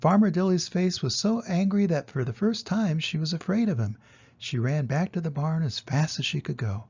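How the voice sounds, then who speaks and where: An older man reading a children's story aloud, gentle and expressive. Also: fairly high pitch, moderate pace, slightly rough. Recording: dull lo-fi recording.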